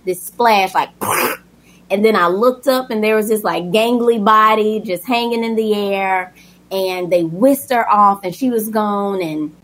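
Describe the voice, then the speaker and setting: A woman's voice: mid-range voice, measured pace, low-quality recording. A woman guest telling the story of her daughter's birth in a personal, emotional way. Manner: emotional, animated retelling with acted quotes.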